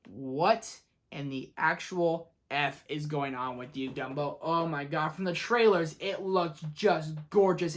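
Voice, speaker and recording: A woman's voice: medium pitch, fairly bright tone. A woman vlogger chatting enthusiastically as she ranks movies, opinionated and talking straight to her viewers. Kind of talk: casual movie ranking vlog.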